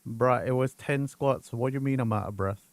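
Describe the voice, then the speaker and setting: A man's voice: mid-range voice, normal speed, dry recording. A man streaming a game, chatting casually, thanking viewers and answering chat.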